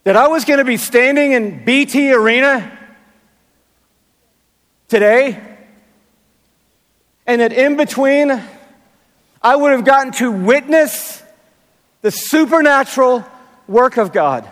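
Older man preaching slowly in an arena. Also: extremely high pitch, fairly bright tone. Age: 60s. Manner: emphatic, drawn-out phrasing with playful asides. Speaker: pastor. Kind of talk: sermon. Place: large arena. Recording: long arena reverb.

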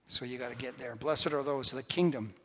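A man's voice: medium pitch, fairly quick, a bit bright. A man preaching a sermon as pastor in a church, stressing points by repeating key phrases. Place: church sanctuary. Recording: long reverb of a large hall.

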